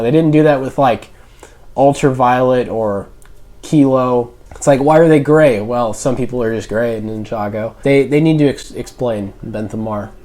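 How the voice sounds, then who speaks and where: A man's voice: mid-range voice, darkish tone. Young man rambling through a casual review. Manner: rambling, many fillers and restarts. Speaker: YouTube reviewer.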